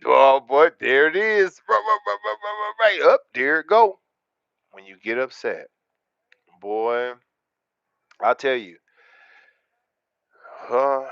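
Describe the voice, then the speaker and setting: A man hosting a casual livestream, talking to viewers in a relaxed, slangy way. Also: mid-range voice, no echo, muffled recording. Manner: laid-back, slangy, talks straight to chat. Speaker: livestream host.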